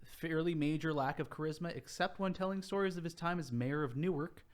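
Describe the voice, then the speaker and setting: A man's voice: fairly high pitch, a little fast. A young man hosting a casual podcast chat, reading a rundown with sarcastic, profane asides. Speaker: podcast host.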